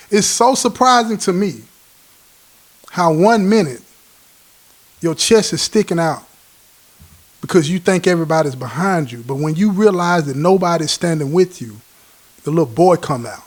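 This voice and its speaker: A man's voice: on the high side, lively intonation, moderate pace, long pauses. A man hosting his own show, telling a prison story in casual street slang and acting out what others said. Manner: street slang, acts out quoted dialogue.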